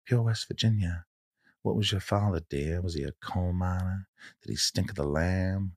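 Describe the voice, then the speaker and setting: A man imitating a refined, menacing cannibal killer in a low, quiet, taunting voice. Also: moderate pace, no room sound, studio quality.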